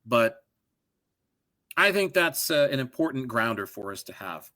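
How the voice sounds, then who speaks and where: A middle-aged man co-hosting a podcast in casual chat, digressive and animated, drifting into joke voices. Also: mid-range voice, measured pace. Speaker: podcast co-host.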